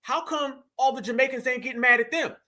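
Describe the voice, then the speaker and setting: American male commentary host with a very high, piercingly bright voice; emphatic, repeats himself, calls his viewers fam. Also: a little fast. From United States. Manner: emphatic, repeats phrases, addresses the audience as fam. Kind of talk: casual reaction commentary.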